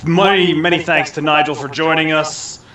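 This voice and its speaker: A man's voice: fairly high pitch, steady tone, moderate pace, pushed and bright, slight background noise. A man co-hosting a podcast, signing off the show in a casual, upbeat and jokey way. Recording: echoey, distant audio with music behind.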